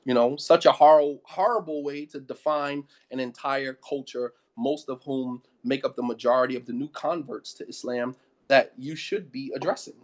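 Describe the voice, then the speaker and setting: A man's voice: mid-range voice, fairly even intonation, moderate pace. A man giving an impassioned sermon, firing off rhetorical questions and repeating phrases for emphasis. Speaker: preacher.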